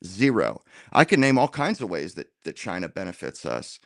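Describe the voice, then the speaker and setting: A man in a casual political roundtable debate, talking in an animated, argumentative way and dropping slang as he makes his point. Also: low-pitched, moderate pace, creaky, no room sound, studio quality. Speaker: roundtable guest.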